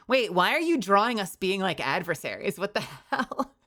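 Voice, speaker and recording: A woman's voice: mid-range voice, big pitch swings, moderate pace, bright, forceful tone. A young woman streaming casually, bubbly and rambling, often laughing. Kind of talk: casual livestream chat.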